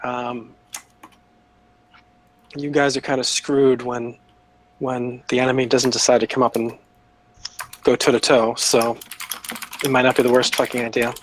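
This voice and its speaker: A man's voice: mid-range voice, flat delivery, measured pace, long pauses, slight background noise, rough recording. A man playing a tabletop game, talking casually, swearing often and hesitating. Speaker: player.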